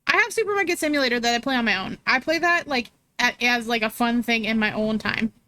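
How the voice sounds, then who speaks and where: A woman's voice: fairly high pitch, fast talker, pushed and bright. A young woman streaming, chatting casually with her viewers and laughing often as she reads chat aloud.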